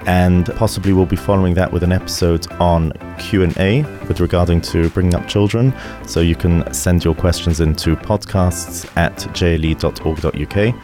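A man's voice: low-pitched, fairly even intonation, moderate pace, hardly any pauses, music in the background. A man hosting a podcast, asking questions politely and thanking his guest. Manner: polite, asks long questions. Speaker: podcast host. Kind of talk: podcast interview.

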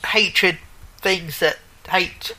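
A man's voice: high-pitched, drawn-out words, crowd noise, rough recording. A man co-hosting a casual gaming chat show, rambling, correcting himself mid-sentence and joking as he goes. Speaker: podcast co-host.

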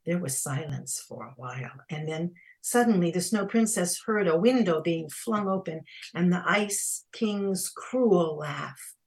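On a radio storytelling hour, a woman reads a fairy tale aloud slowly and expressively, using dramatic pauses. Her voice is on the low side and slightly rough.

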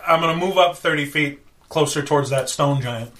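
Man, bright fairly high voice, excitable tabletop player, swears, faint hiss. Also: a little fast. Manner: excitable, laughing, swears freely. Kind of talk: casual game chat.

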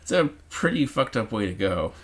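Low-voiced sarcastic man. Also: big pitch swings, normal speed, fairly bright tone. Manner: sarcastic, profane. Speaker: podcast co-host. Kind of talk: casual movie discussion.

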